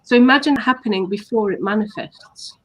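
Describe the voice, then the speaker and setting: A woman's voice: on the high side, brisk. A woman co-hosting a casual coaching chat, patiently explaining steps and acting out sample compliments. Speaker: hypnotherapist co-host.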